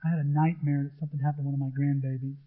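A man's voice: on the high side, level tone, rapid-fire. A middle-aged man preaching a sermon, earnest and emphatic, often repeating his point. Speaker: pastor. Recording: tinny phone-like sound.

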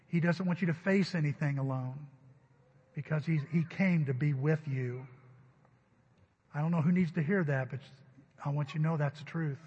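Middle-aged guy preaching, husky voice, bit high, long echo in a church, dull sound. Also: a little mellow. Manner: storytelling, conversational preaching. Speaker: pastor. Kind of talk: sermon. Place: church sanctuary.

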